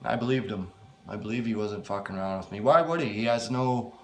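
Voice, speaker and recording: A low-voiced man narrating a first-person horror story as he goes, with no script. He talks casually, swears freely and trips over his words now and then. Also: a little fast, a bit bright, slight background noise. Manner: stumbling, casual, profane.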